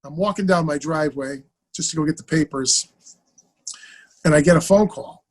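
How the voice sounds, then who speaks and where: Guy telling showbiz stories on a podcast, lively, acts out all the voices. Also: fairly high pitch, normal speed. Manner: animated, acts out quoted dialogue. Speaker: actor guest. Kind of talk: casual storytelling interview.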